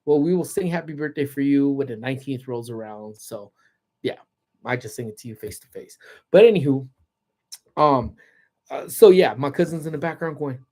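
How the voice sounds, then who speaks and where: A man's voice: medium pitch, lively intonation, moderate pace, dark tone. A man hosting a casual live chat, telling stories, laughing often and answering viewer comments. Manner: chatty storyteller, laughs often, reads out comments. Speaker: livestream host. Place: parked car.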